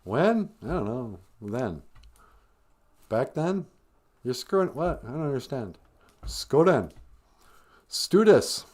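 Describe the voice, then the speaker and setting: A man's voice: medium pitch, sing-song, slow pace, long pauses, a little mellow. A man hosting a joking live stream, teasing and laughing, slipping into a grumpy old-man voice for his jokes. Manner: playful, breaks into song and laughter, mock-elder scolding. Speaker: host of a live stream on Ojibwe language.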